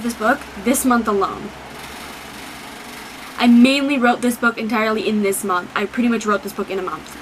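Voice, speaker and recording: A woman's voice: fairly high pitch, fairly even intonation, normal speed, slight background noise, rough recording. A young woman vlogging casually, rambling with many fillers and free swearing. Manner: emotional, near tears. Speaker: book vlogger. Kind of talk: casual vlog talk.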